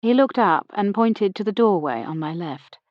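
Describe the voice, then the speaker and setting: A woman reading a first-person mystery novel aloud in a measured, wry storytelling voice. Her pitch sits in the middle, and the recording is dry and a little dull. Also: expressive, no room sound. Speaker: audiobook narrator. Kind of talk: first-person audiobook narration of a period mystery.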